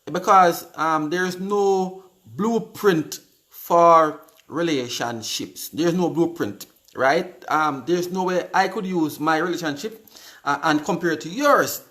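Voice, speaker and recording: Chatty high-voiced Jamaican man live. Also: slow pace, a bit bright. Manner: chatty, repeats words, reads out comments, laughs. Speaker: live stream host. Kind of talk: casual live chat with viewers. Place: indoors on live video.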